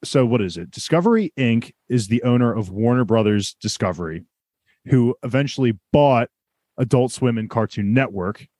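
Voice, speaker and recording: A man's voice: medium pitch, animated, moderate pace, darkish tone, dry recording. A man co-hosting a casual recap chat about a cartoon, explaining things at length with lots of fillers. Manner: rambling, filler-heavy explaining. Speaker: podcast co-host.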